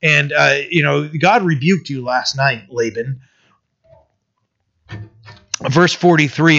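A man giving a conversational Bible teaching in an animated way, often asking "right?" and reading the verses slowly. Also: fairly high pitch, vocal fry. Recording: dull lo-fi recording.

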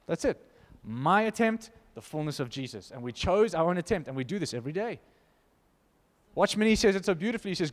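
A man with a high voice preaches to his congregation, swinging from hushed, intimate passages to loud, fervent ones. His voice rings out with a long reverb tail in a big church hall. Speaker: pastor. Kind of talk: sermon.

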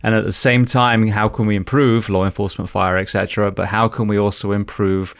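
A man with a lowish voice hosts a podcast conversation, speaking in an earnest, measured way. His voice is dry and close, with almost no room sound around it. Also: level tone, gravelly, no echo. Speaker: podcast host. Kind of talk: casual interview conversation.

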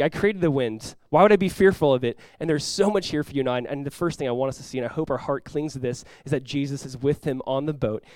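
A man, a pastor, preaching a sermon in an animated way, acting out voices with sudden loud bursts. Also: mid-range voice, no echo.

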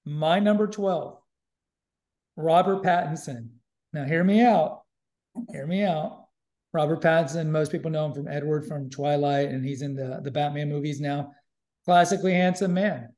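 A man's voice: a little high, moderate pace, darkish tone. A man hosting a podcast in casual chat, opinionated and emphatic, often repeating himself. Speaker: podcast host.

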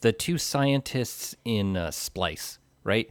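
Deep-voiced man, dry close sound. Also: expressive, clean tone, no echo. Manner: measured, hesitant with "uh" and "um" fillers. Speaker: podcast co-host. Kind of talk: casual movie discussion.

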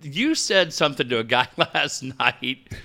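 A boisterous, profane man co-hosting a sports podcast, his voice swinging widely in pitch. It has a bright, forceful edge. He rants in casual, animated talk. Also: measured pace.

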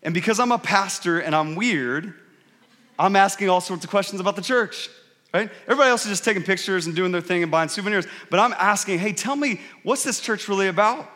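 A high-pitched male pastor preaches to his congregation in a loose, conversational way, telling stories and checking in with "right?" questions. His voice rings through a church hall with a long, trailing reverb. He sounds middle-aged and at ease at the pulpit. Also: fast talker, bright, forceful tone. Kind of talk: sermon. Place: church sanctuary.

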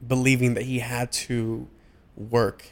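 Young adult man, medium voice, halting heartfelt chat guest with frequent restarts. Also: mid-range voice, little pitch movement. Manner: halting, many restarts and fillers. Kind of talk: casual heartfelt conversation.

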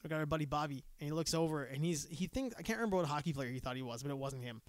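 A Canadian man co-hosting a casual podcast chat speaks in a fairly high voice at a racing pace with no echo. He jokes, laughs often and acts out characters in raised voices.

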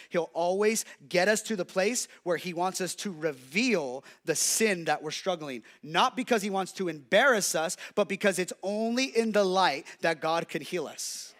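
A man pastor preaching a sermon with lots of energy, acting out the voices of God and the devil. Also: sits high. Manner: preaching to a congregation, playing the devil's and God's voices; energetic, with quick restarts and repeated calls.

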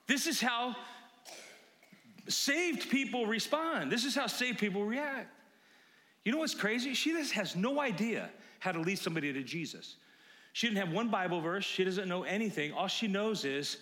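A man preaching a casual, animated sermon to a live congregation, swinging from loud exclamations to hushed reflection. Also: high voice, normal speed. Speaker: pastor. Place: church sanctuary with a congregation. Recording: long hall reverb.

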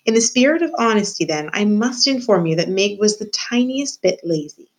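A woman teacher reading a novel aloud to her students, expressive and addressing the reader directly. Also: mid-range voice, moderate pace, poor audio. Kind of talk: read-aloud storytelling.

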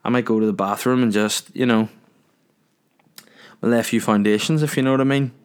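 A man's voice: mid-range voice, fairly even intonation, fairly quick, clear, resonant tone. A young man, telling a crude, rambling comic story in a loose monologue.

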